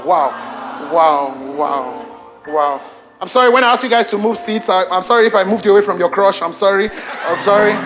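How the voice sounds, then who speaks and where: A young man preaching a sermon to his congregation, animated, swinging between loud exclamations and hushed emphasis, repeating lines for emphasis. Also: extremely high pitch. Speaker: pastor. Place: church auditorium with congregation.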